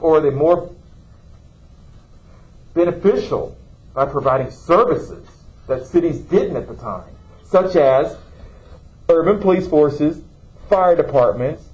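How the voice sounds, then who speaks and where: Man, teacher, classroom lecture, mellow voice, dull lo-fi sound. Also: fairly high pitch, expressive, unhurried, pauses often. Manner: questioning, checks in with "okay?".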